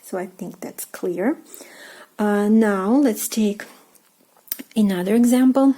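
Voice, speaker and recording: A woman with a Russian accent explains grammar in a slow, unhurried way, pausing often on ums and uhs. Her voice is soft and mellow, never sharp. She repeats each example phrase patiently, as a teacher writing on a board. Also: mid-range voice, rough recording. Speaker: language teacher.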